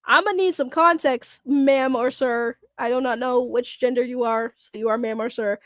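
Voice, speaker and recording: A woman's voice: a little high, normal speed, no echo, clean studio sound. A woman streamer reading her chat aloud in casual, blunt, profane talk, congested from a cold and laughing often.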